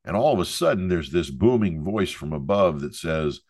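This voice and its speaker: A man's voice: deep voice, animated, moderate pace, a little mellow, no echo, clean studio sound. A middle-aged man from Florida hosting a podcast, delivering a jokey, storytelling monologue with showman patter. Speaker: podcast host.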